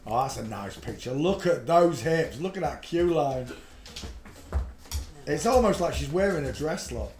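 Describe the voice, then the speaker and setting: A man's voice: a little high, expressive, measured pace, a little mellow. A man hosting a live stream, chatting and bantering casually. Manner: jokey banter, talks to his dog. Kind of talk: casual chat. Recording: echoey room with faint noise.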